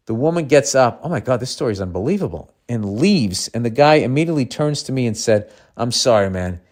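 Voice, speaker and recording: A podcast host reads a listener's letter out loud. His voice sits at an ordinary male pitch. He keeps interrupting the letter with profane, sarcastic commentary. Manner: profane, sarcastic running asides.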